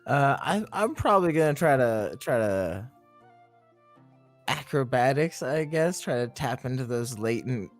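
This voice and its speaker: A man's voice: medium pitch, animated, measured pace, soft background music. Hesitant, chatty male player. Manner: hesitant, chatty, laughs often. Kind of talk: casual tabletop play.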